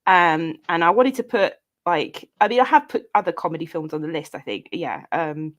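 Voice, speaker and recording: A woman chatting as a guest, animated and quick to laugh, often acting out scenes she describes. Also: on the low side. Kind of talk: casual chat.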